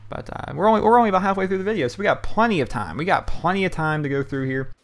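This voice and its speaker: A man's voice: high-pitched, expressive, rapid-fire. A man from Pennsylvania who is a gaming YouTuber, answering viewer questions in a loose, rambling way with lots of fillers over gameplay. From Pennsylvania, USA.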